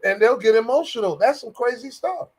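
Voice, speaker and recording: High-pitched man, slow and emphatic. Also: animated, husky. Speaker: guest on a talk show. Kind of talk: casual chat.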